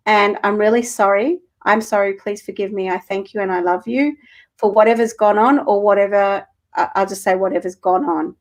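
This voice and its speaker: A woman's voice: mid-range voice, moderate pace. A woman co-hosting a live stream and reading spiritual cards for viewers, earnest and emotional with the odd swear.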